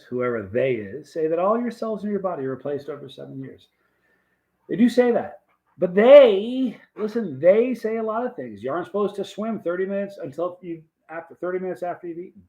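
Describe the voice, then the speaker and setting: Rambling folksy male stream host, fairly high voice, slightly muffled lo-fi audio. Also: dark tone. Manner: rambling, folksy, reads viewer comments aloud. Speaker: livestream host reading viewer chat. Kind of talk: casual chat.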